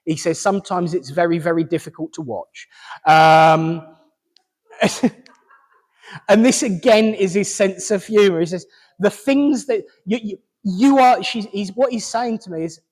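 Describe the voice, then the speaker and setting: A fairly high-voiced man leads a mediumship reading at a service, chatty and halting, with fillers and restarts. His voice rings out with a long hall reverb. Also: a little mellow. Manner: chatty, hesitant, relaying messages with fillers and restarts.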